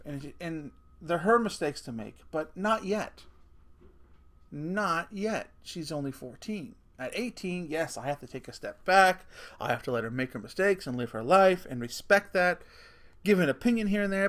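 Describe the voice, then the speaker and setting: A middle-aged man rants to camera about family life in a loose storytelling way. His fairly high, bright voice swings up and down as he gets worked up, with plenty of swearing and laughter at his own jokes. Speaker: vlogger. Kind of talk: casual storytelling rant.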